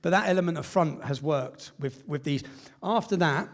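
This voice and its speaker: Male public speaker, slightly high pitch, emphatic stage storyteller who acts out dialogue. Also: normal speed. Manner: emphatic storytelling with tag questions and reported dialogue. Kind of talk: speech at a live event.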